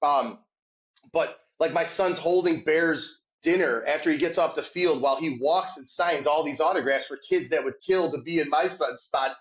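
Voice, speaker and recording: Man, higher voice, casual storyteller, animated, dull lo-fi recording. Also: moderate pace. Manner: animated, shouts quoted hecklers in a high voice. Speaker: podcast guest. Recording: dull lo-fi sound.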